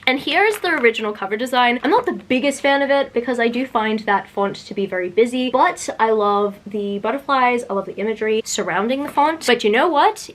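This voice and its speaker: A woman showing off her book haul in a casual vlog, gushing and excitable, her voice jumping up high whenever she gets thrilled. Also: slight background noise. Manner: gushing, excitable, pitch leaps up when thrilled. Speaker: book vlogger.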